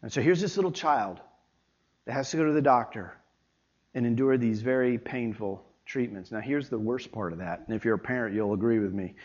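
A pastor preaching a sermon with emphatic delivery, rising loud then dropping low. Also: male voice, a little fast. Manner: emphatic preaching, swinging between loud and quiet. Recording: dull lo-fi sermon recording.

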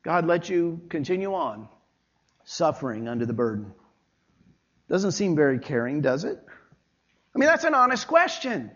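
A man delivers a sermon from the pulpit, his voice pitched a bit high and pushing hard on key words before falling quiet. The recording sounds dull and lo-fi. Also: sing-song, moderate pace, pauses often. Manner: emphatic preaching, swinging between loud and quiet. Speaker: pastor.

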